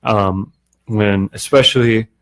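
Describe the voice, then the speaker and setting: Male guest, low voice, relaxed and opinionated. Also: takes it slowly. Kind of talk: casual chat.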